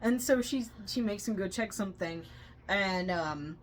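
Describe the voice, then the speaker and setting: A woman co-hosting a movie review channel, retelling scenes with loud excited quotes. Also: mid-range voice, measured pace. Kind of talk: casual movie review chat.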